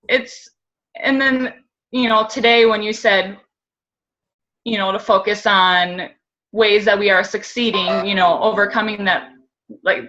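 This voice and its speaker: A woman sharing personal thoughts on a group video call, speaking slowly and with emotion. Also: mid-range voice, a bit bright. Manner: slow, emotional, tearful at times. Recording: dull lo-fi video call audio.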